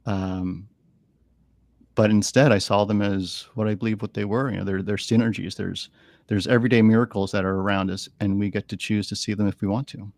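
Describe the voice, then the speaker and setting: Man w a low gravelly voice, earnest, restarts his words a lot. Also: level tone, a little fast, a little mellow, no room sound. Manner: earnest, repeats words while thinking. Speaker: animal communicator guest. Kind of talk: storytelling interview talk. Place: podcast studio.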